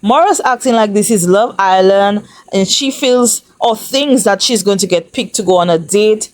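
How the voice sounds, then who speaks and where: A woman's voice: medium pitch, normal speed. A woman hosting a reality TV recap, talking to viewers in a sassy, chatty way. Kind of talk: casual recap commentary.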